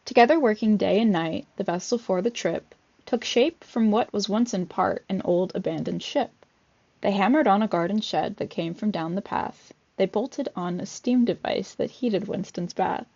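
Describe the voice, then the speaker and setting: Gravelly woman reading a storybook aloud. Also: mid-range voice, normal speed, a little mellow. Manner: chatty asides with fillers. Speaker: vlogger reading a picture book. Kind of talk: casual read-aloud with commentary. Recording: dull lo-fi recording.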